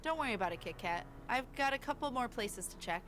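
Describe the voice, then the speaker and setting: A woman's voice: on the high side, expressive, quick pace, a bit bright, a little hiss or hum. A woman voicing an earnest, hardworking young male bird in a game voiceover.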